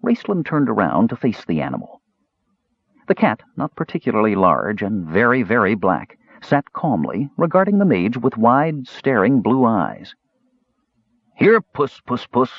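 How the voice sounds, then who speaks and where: A man narrates an audiobook in a lively, expressive storytelling voice with a husky edge. The recording sounds dull and lo-fi, with a dry, close sound. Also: lowish voice, normal speed, dry recording.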